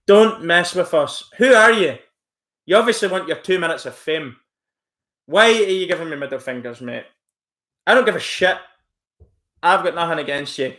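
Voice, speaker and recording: A man's voice: fairly high pitch, a bit bright. A man live-streaming from home, rambling casually as he reacts to chat messages and mocks a troll. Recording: roomy echo.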